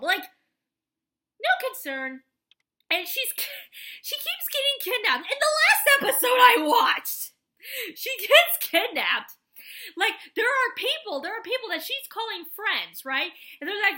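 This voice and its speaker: A woman vlogger ranting casually about an anime, exasperated, swearing freely, and now and then bursting into shouts. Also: very high voice, sing-song, a little slow. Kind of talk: casual anime review rant.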